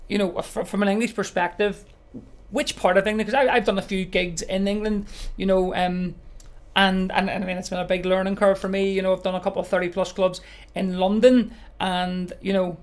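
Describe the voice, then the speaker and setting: A man's voice: high voice, little pitch movement, brisk. Rambling chatty DJ, man. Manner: rambling, lots of you know and sort of. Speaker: wedding DJ and podcast co-host. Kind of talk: casual chat.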